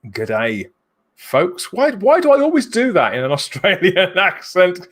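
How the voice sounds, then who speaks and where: A man's voice: high-pitched, very animated, moderate pace. A man hosting a live fan show, chatty and jokey, laughing often as he greets viewers. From England. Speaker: livestream host. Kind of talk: casual live show chat.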